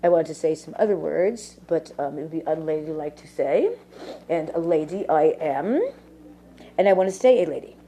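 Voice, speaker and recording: A woman's voice: deep voice, moderate pace, dark tone. A woman ranting casually to camera in a rambling, profane way, full of fillers. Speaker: vlogger.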